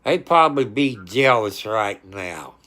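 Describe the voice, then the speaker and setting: A man's voice: fairly low pitch, expressive, unhurried. A man chatting casually on a livestream and talking to his cats now and then. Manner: talks to his cats, sometimes scolding loudly. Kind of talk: casual chat.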